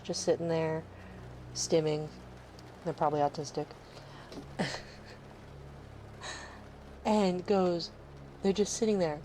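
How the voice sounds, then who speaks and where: A woman's voice: fairly low pitch, mellow, a little hiss or hum, rough recording. A woman in her thirties chatting casually on a live stream, rambling and sarcastic, swearing freely.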